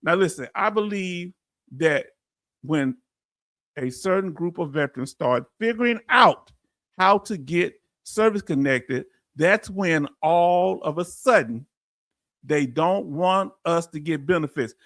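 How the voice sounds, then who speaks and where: A middle-aged man with a Southern US accent hosting a livestream, reading viewer comments in a folksy, preacher-like, animated way. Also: a little high, a little slow, no echo, clean studio sound. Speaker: veterans benefits channel host.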